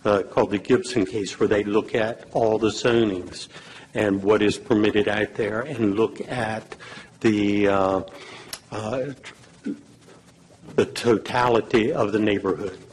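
A man giving legal advice at a public meeting, in a measured, halting way with many fillers, and losing his voice. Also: lowish voice, fairly even intonation, slight background noise, rough recording. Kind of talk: advising at a council meeting.

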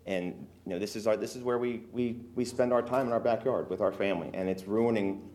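A man, a local resident, giving earnest, emotional testimony at a public hearing, halting often with fillers. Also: on the low side, mellow.

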